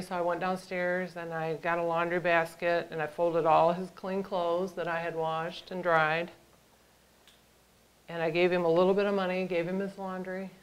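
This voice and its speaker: A middle-aged woman giving an emotional personal testimony as a guest speaker, halting at times and dropping to a hush. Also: fairly low pitch, rough recording. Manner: emotional, halting, with hushed whispered moments. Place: lecture room.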